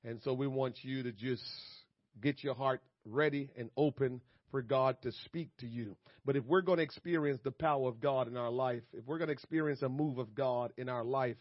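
A man's voice: medium pitch, no room sound. A man preaching a sermon as pastor, emphatic and repetitive, chuckling between points, recorded dry and slightly muffled.

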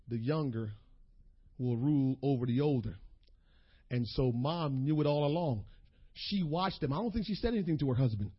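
A male preacher with a husky, fairly high voice delivers a folksy, impassioned sermon. He talks straight to the congregation. The audio of this church recording is dull and lo-fi.

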